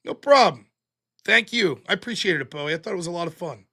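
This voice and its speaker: A man hosts a live internet show and talks straight to his viewers in a blunt, profane rant. His voice sits high for a man and sounds bright and forceful. He reels off donations and rules for the chat in a brisk, casual way. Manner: blunt, profane, animated ranting. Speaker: livestream host.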